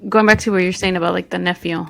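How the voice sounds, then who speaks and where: A woman co-hosting a podcast, chatting emotionally with quick asides. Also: fairly low pitch, fairly even intonation, gravelly, a bit bright, a little hiss or hum. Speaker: podcast co-host. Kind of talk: casual chat.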